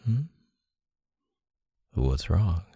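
Very deep gravelly guy, slow soft intimate roleplay talk, dry close mic. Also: animated, no room sound. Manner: soft, close, murmuring partner voice. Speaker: audio role-play performer. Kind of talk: intimate audio role-play.

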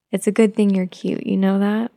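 A woman playing a gentle, patient young mother who softly coaxes her toddler, in a whispered role-play. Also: mid-range voice, gravelly, a little hiss or hum. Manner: soft, coaxing, motherly.

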